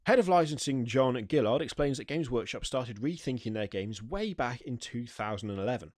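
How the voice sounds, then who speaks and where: A man's voice: medium pitch, lively intonation, fairly quick, darkish tone, no echo. A man hosting a podcast, reading gaming news aloud and swearing freely between asides. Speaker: podcast host. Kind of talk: casual news chat. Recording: dry close mic.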